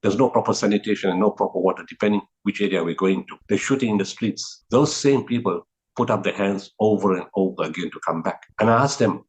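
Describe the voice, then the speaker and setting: A man with a somewhat low voice speaks as an interview guest. He talks earnestly and steadily, often restarting phrases and repeating words as he recounts a teaching. His delivery stays sincere throughout. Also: fast talker, low-quality recording. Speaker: guest, humanitarian relief founder.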